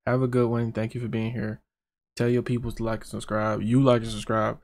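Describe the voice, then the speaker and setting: A man talks loosely and profanely, joking straight to his viewers. His voice sits mid-range with a gravelly edge, and he often trails off and restarts as he thinks aloud about the music. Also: mid-range voice, flat delivery, fairly quick, darkish tone. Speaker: music reaction YouTuber. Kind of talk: casual reaction commentary.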